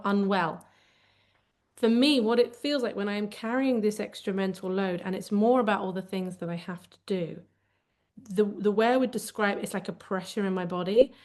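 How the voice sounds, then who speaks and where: A woman's voice: medium pitch, a little mellow. A woman co-hosting a conversational podcast, speaking candidly and reflectively as she searches for the right words. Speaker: podcast co-host.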